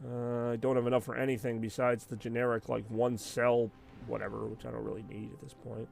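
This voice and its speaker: A man's voice: medium pitch, flat delivery, fairly quick, gravelly, darkish tone, soft background music. A man rambling and venting in casual chat while streaming live gameplay, with frequent asides. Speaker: gaming streamer.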